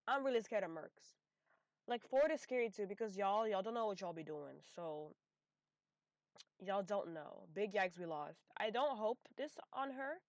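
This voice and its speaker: A woman's voice: medium pitch, no room sound. A young woman giving sassy, blunt tier-list commentary on game characters, talking straight to her viewers in slangy casual speech. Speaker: gaming video creator.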